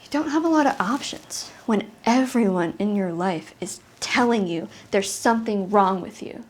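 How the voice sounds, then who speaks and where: A young adult woman performing a confessional comedy monologue, intense and halting, with an emotional delivery. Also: medium pitch. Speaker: solo comedian. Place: apartment.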